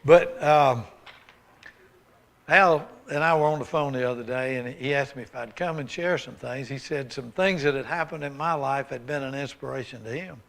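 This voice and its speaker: A man's voice: mid-range voice, normal speed, gravelly, a bit bright. A man giving a folksy, emphatic sermon testimony as a guest preacher, reading scripture aloud with rising force.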